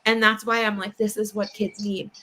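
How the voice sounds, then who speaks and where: A woman's voice: mid-range voice, normal speed, slight background noise. A young woman, a child therapist, talking casually as an interview guest and animatedly acting out what kids say. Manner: animated, acts out kids' voices with laughs.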